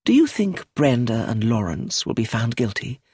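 A woman's voice: rumbling low, big pitch swings, normal speed, dark tone, breathy edge, dry recording, studio quality, heavily acted. A man voicing a stern, tired elderly aunt. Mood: grim. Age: older. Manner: grim, firm and clipped.

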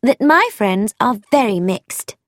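A confident upper-class young woman, read by a woman narrator, brisk and firm with a teasing edge and an animated rise and fall. Close, dry recording. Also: on the high side, no echo, pitched above the performer's own voice.

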